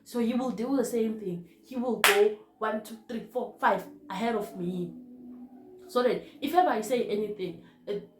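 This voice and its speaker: A young South African woman telling a personal story to camera in a hushed, subdued way, often mixing in Zulu. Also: fairly high pitch, normal speed, reverberant, slight background noise. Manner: hushed and subdued when recalling events, code-switching. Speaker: vlogger.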